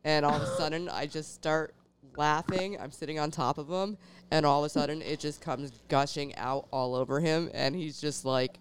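A woman's voice: deep voice, fairly even intonation, normal speed, clear, resonant tone. A woman co-hosting a podcast, talking frankly and laughing easily in casual chat. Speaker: podcast co-host.

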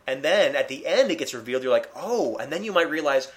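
A man's voice: medium pitch, animated, fast, fairly bright tone. Argumentative man in casual talk. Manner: argumentative, talks in long runs with restarts. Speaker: podcast co-host discussing comics. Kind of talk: casual chat.

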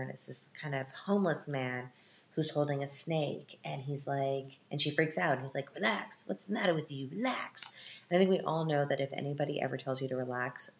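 A woman's voice: extremely low pitch, fairly bright tone, a little hiss or hum. A woman hosting a podcast, recapping a film in a casual, chatty way with joking asides. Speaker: podcast host. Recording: roomy, dull lo-fi sound.

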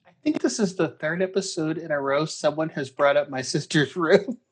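A woman's voice: low voice, normal speed, breathy edge. A woman hosting a podcast, chatting casually and with amusement. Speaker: podcast host. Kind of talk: casual chat.

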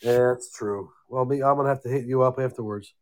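Easygoing, mid-pitched podcast co-host. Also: male voice, fairly even intonation, a little fast, darkish tone. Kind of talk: casual chat.

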